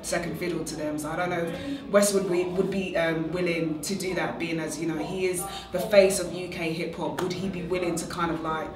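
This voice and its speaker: A woman's voice: fairly low pitch, steady tone, a little fast, far from the mic, a crowd in the background. A woman giving a thoughtful opinion with fillers, recorded from afar in an echoey noisy space. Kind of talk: casual commentary.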